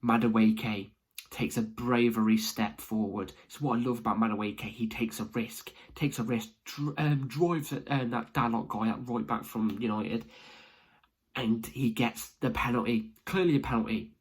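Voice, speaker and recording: Husky, excitable young man. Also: mid-range voice, unhurried. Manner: rambling, excitable, restarts often. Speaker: football fan vlogger. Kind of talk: excited match reaction. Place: home.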